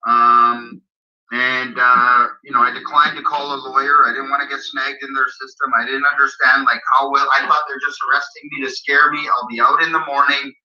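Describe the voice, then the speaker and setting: Blunt, animated man with a sharp voice. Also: mid-range voice, normal speed. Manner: animated, blunt, swears freely. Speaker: guest recounting a personal story. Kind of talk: casual storytelling. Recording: dull lo-fi audio.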